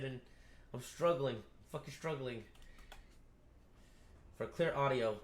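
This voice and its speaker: A man reacting casually to an anime episode, swearing freely and breaking into excited outbursts at the screen. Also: mid-range voice, slow pace, pauses often. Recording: roomy echo.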